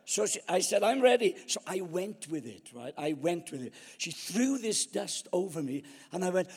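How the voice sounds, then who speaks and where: A man in his seventies, appearing as a guest preacher, delivers a sermon full of comic storytelling, jokey and self-mocking, with lively anecdotes. His husky, high-pitched voice keeps a moderate pace under long hall reverb.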